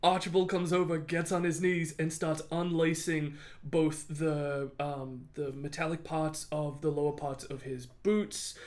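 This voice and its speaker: A man's voice: on the high side, level tone, measured pace, darkish tone. A man co-hosting a podcast, telling a history story in a casual, jokey way and laughing often.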